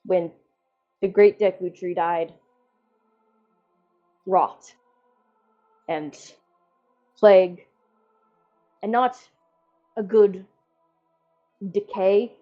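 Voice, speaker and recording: A woman voicing an ancient, sorrowful tree spirit in a deep, resonant voice, speaking solemnly. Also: drawn-out words, long pauses, dull audio, soft background music. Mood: grave.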